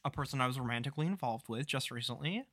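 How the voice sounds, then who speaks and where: Bright joking young man on a podcast. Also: medium pitch, very fast, no echo, studio quality. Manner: joking, playful, laughs often. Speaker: podcast co-host. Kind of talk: casual podcast banter. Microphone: studio microphone in front of face.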